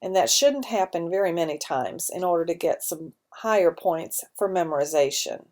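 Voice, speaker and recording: A woman teacher giving students an instructional talk on contest rules, laying out each judging criterion clearly and step by step. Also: on the low side, animated, moderate pace, a little mellow. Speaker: school teacher explaining a speech contest. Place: school media center.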